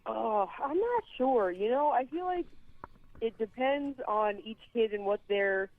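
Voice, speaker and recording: A woman sports journalist calmly explaining her picks during a casual radio interview, with fillers now and then. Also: a little high, measured pace, dry recording. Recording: tinny phone line.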